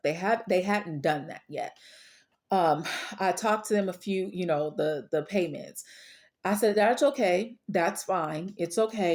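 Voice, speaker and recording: A woman's voice: fairly low pitch, darkish tone. A woman sharing a personal faith testimony in an earnest, storytelling way, repeating phrases for weight. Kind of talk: personal testimony, casual preaching.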